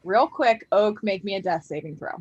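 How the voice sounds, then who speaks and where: Woman, game master, breathy voice, brisk questions. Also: mid-range voice, animated, dull audio. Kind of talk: running a tabletop game.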